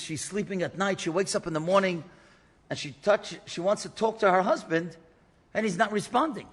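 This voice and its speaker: A man, a rabbi, telling a story in an animated lecture and acting out the voices of the people in it. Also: high-pitched. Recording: lecture in a reverberant hall.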